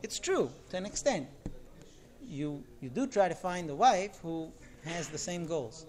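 A man's voice: fairly high pitch, expressive, unhurried, darkish tone. A man, a rabbi, gives a sermon on marriage, talking emphatically with rhetorical questions.

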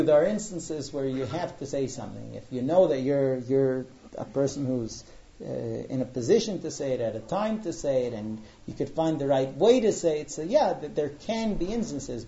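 Mellow-voiced man telling a story. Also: medium pitch. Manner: conversational, animated storyteller with hesitations. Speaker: matchmaker. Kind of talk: casual storytelling talk. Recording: dull lo-fi audio.

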